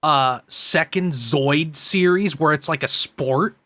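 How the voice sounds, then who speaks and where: Quick, wry male podcast panelist. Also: fairly high pitch, bright, forceful tone, no echo. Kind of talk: casual chat.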